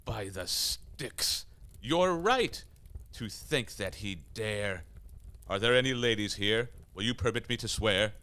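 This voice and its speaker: A man's voice: on the low side, fairly even intonation, moderate pace, pushed and bright, clean tone. A man voicing a scheming devil assassin sent from hell in a rhyming radio play, theatrical and boastful. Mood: outraged. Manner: theatrical, boastful, swings between bluster and wonder.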